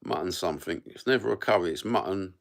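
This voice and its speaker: A middle-aged man from London with a broad East London accent and a very deep, low voice. He rambles through a livestream chat in a sweary, matey way, peppering his talk with slang. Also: fast, vocal fry. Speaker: livestream host.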